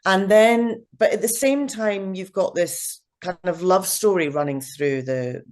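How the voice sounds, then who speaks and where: A woman's voice: mid-range voice, unhurried, darkish tone. A middle-aged woman, an actress, chatting as an interview guest, full of fillers and restarts. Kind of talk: casual interview chat.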